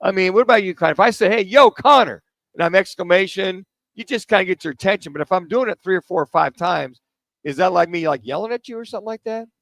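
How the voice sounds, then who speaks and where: Animated higher-voiced sports radio host. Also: male voice, racing, vocal fry, no echo, poor audio. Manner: rambling, animated questions to co-hosts. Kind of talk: casual radio chat. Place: remote broadcast at a car dealership.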